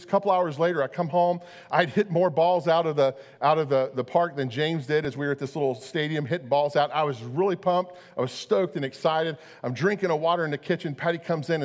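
A middle-aged man preaching a sermon, chatty and storytelling, often repeating his words. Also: a little high. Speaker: pastor. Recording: long hall reverb.

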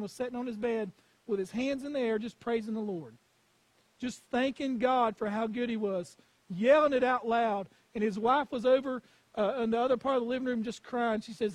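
A man delivers a sermon in a strikingly high voice for a male speaker. He preaches emphatically, repeating key phrases for weight as he tells stories. The sound is dry and close, with no room echo. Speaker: pastor.

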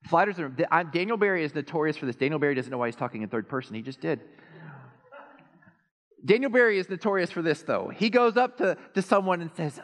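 A man preaching a sermon as pastor, animated and self-deprecating, swinging between quiet asides and loud emphasis. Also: a little high, fast. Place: church sanctuary. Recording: long reverb of a church hall.

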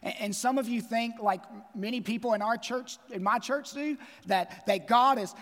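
A man's voice: extremely high pitch, fairly bright tone, long reverb tail. A man preaching a sermon as pastor, emphatic and repeating key phrases.

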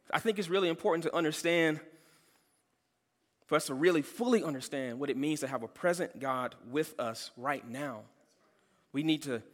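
A man's voice: on the high side, a bit bright. A man preaching a sermon, telling a personal story earnestly and often restarting his sentences. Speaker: pastor. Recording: long hall reverb.

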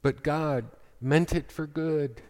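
A man preaching a sermon as pastor, slow and emphatic, often quoting scripture. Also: a little high, steady tone, darkish tone, in a large hall.

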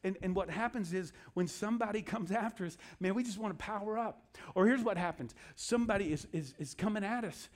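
A man who is a pastor, preaching a sermon in an animated way and acting out inner voices with asides. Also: high voice, brisk, hardly any pauses.

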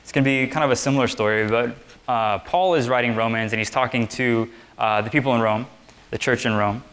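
A young man in the middle of an informal sermon, with a voice that sits at an ordinary, mid-range pitch for a man. He talks as if chatting with friends, loose and easygoing, full of little fillers. He is speaking to a group gathered on chairs in a meeting room. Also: brisk. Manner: conversational, relaxed and chatty, with many fillers. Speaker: preacher. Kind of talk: casual sermon.

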